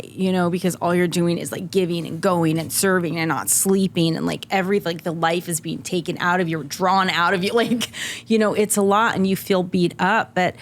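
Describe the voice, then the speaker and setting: A woman's voice: lowish voice, slight background noise. A middle-aged woman telling a personal story on a podcast, earnest and emotional, often saying "like". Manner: earnest and emotional, heavy use of "like". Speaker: podcast guest. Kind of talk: candid conversational storytelling.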